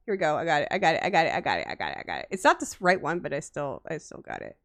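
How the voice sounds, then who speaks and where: A woman's voice: low voice, huge pitch swings, fast, hardly any pauses, fairly bright tone, dry recording. A woman streamer chatting casually and playfully with her chat, giggly and gushing, from a home streaming setup on a desk mic.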